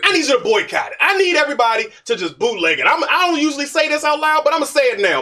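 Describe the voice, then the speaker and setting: A man's voice: very high-pitched, very animated, rapid-fire, few pauses, pushed and bright, far from the mic. A man co-hosting a podcast, talking casually and ranting animatedly, swearing freely. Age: adult. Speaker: podcast co-host. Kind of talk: casual chat.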